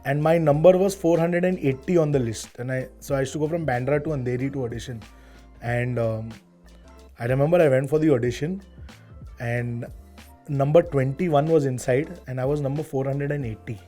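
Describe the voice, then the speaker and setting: A man in his thirties with an Indian English accent, an ad director chatting in an interview, who tells stories with animated asides and slips into Hindi phrases. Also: mid-range voice, moderate pace, soft background music. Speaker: interview guest, ad director and actor. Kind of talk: casual interview chat.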